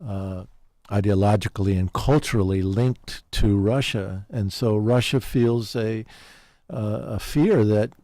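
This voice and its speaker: Man with a dark, low voice. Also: measured pace, no echo. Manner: urgent, emphatic repetitions, frequent fillers. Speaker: interview guest, peace activist. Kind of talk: earnest conversational interview.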